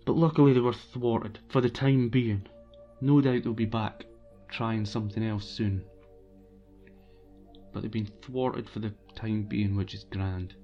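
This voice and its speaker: A man's voice: on the low side, steady tone, a little slow, highs cut off, soft background music. A man streaming alone, talking in a casual, blunt and opinionated rant with frequent restarts. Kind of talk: casual ranting monologue.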